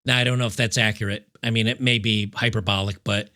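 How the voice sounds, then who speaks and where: A man hosting political commentary, reacting to news clips in an emphatic, sarcastic way and repeating key points slowly. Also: fairly low pitch, fairly even intonation, sharp tone.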